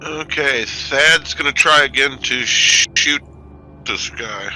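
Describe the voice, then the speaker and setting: A man's voice: mid-range voice, slow, bright, forceful tone, soft background music, rough recording. A man playing in a tabletop game, describing his character's actions plainly. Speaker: player. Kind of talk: casual tabletop play.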